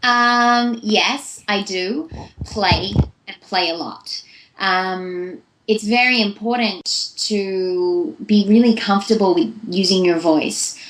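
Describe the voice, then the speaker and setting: A woman's voice: mid-range voice, slow, fairly bright tone, roomy sound, a little hiss or hum, rough recording. A young woman, a voice actress, giving chatty, long-winded answers in a casual interview. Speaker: voice actress guest.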